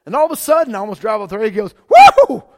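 A man's voice: high-pitched, animated, rapid-fire. A man preaching a sermon as pastor, talking in a loose, conversational way with frequent repeats and fillers like "man" and "like.".

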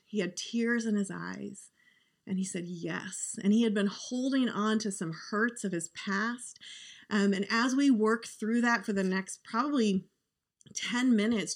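Earnest woman telling a heartfelt story. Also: medium pitch. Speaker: podcast guest. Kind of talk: conversational storytelling.

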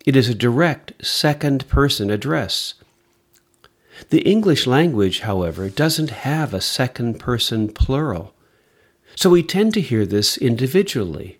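A man reading scripture and preaching a sermon in a measured, expressive way. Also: mid-range voice. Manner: slow, measured and expressive delivery.

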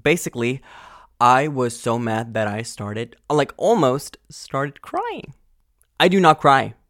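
A male podcast host ranting angrily and profanely in a casual monologue, full of fillers and sudden loud outbursts. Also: medium pitch, very animated, slow pace, no room sound, clean studio sound. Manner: angry, exasperated, profane.

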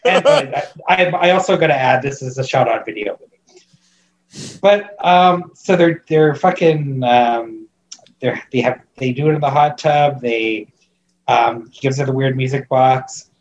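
A man's voice: mid-range voice, measured pace, a little hiss or hum. Rambling man with a muffled mic. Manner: rambling, lots of "like" and restarts, amused disbelief. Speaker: podcast co-host recapping a movie. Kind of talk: casual chat.

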